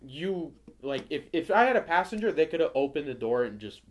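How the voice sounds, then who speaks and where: A man's voice: fairly high pitch, very animated, a little fast, slight background noise. Laid-back young man saying "bro". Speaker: podcast co-host. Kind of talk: casual chat.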